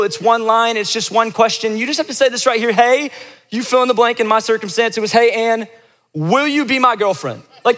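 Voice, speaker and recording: Animated young man preaching, high voice. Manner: casual, joking, animated storytelling with acted-out quotes. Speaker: pastor leading a church service. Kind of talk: sermon with storytelling. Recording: long hall reverb.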